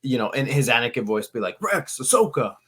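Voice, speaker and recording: A man co-hosting a fan podcast, telling stories in an animated way with restarts. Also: mid-range voice, fast. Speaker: podcast co-host. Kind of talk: casual podcast chat.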